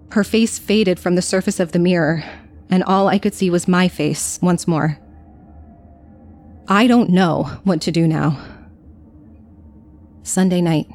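A woman's voice: fairly low pitch, measured pace, long pauses, darkish tone. A young woman narrating a scripted horror story in the first person, diary-style, anxious and confessional.

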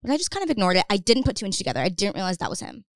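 A woman's voice: medium pitch, sing-song, dry recording, studio quality. A young woman, a podcast guest, telling a personal story in a chatty way full of "like" fillers. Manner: fast, chatty, lots of "like" fillers. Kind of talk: casual storytelling.

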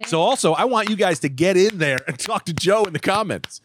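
A man hosting a podcast, joking in casual chat with deadpan asides. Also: high voice, fairly quick, background noise. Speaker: podcast host.

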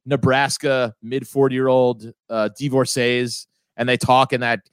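A man's voice: medium pitch, little pitch movement, measured pace, clear, resonant tone, no echo, clean studio sound. A man co-hosting a podcast in casual chat, rambling and laughing often. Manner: rambling, laughs often, slips into silly quoted voices. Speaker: podcast co-host.

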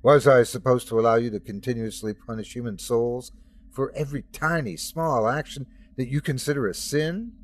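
A man's voice: mid-range voice, moderate pace, close to an everyday voice. A man voicing Jesus as an indignant, resentful young man who complains about his father. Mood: aggrieved.

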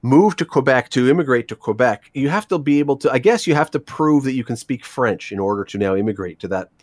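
A man's voice: mid-range voice, lively intonation, fast, dry recording, studio quality. A man from Canada co-hosting a radio show, telling news stories in a chatty, rambling way with asides and restarts. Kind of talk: casual radio chat.

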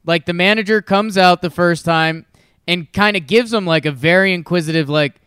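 An easygoing man in casual sports talk, with a smooth, resonant and slightly high voice. The sound is dry and close. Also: normal speed, a bit bright, no room sound. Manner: easygoing, many fillers and short agreements. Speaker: podcast co-host.

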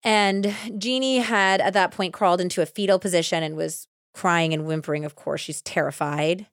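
A woman hosting a true crime podcast, casually retelling a case with animated acted-out quotes and lots of "like". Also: lowish voice, normal speed, clear, resonant tone, no echo, clean studio sound. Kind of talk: casual storytelling.

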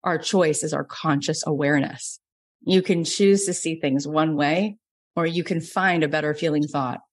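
A woman in her forties from Florida, a business coach telling personal stories in a lively podcast talk. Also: normal speed. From Florida, USA. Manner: lively storytelling, jumps up in pitch for quoted dialogue.

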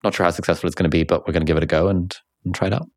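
A young British man chatting casually as an interview guest, telling stories in an animated, jokey way. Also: sits low, no echo, clean studio sound. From Britain. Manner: fast, animated, jokey storytelling.

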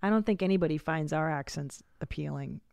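A woman's voice: deep voice, fairly quick, gravelly, darkish tone, no room sound, clean studio sound. A middle-aged woman co-hosting a casual podcast, speaking bluntly and frankly and laughing often. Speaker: co-host.

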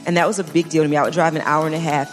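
A panel guest shares personal stories in a chatty, rapid way. Her voice sits low. Clear music plays beneath her. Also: little pitch movement. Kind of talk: live event panel talk.

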